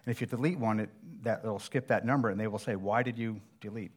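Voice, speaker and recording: A man's voice: lowish voice, steady tone, fast talker, slightly rough. A middle-aged man preaching a sermon, telling a personal survival story in a conversational, self-deprecating way.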